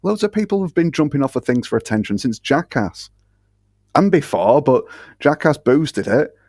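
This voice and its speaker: A man's voice: medium pitch, very animated, normal speed, darkish tone, no room sound, clean studio sound. A man guesting on a podcast, complaining bluntly with lots of swearing in casual chat.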